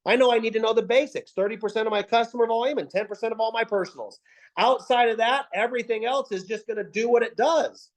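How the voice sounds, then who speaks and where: In a rough recording, a man with an extremely high-pitched voice talks quickly through a sales pep talk to his team on a video call. His style is emphatic and punchy, built on rhetorical questions and repetition for effect.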